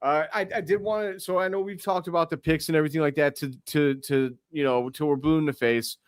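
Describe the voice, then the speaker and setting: A man's voice: fairly high pitch, steady tone, fairly quick, clean tone, no room sound. A man from the United States hosting a casual podcast roundtable, rambling and restarting his sentences. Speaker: podcast host.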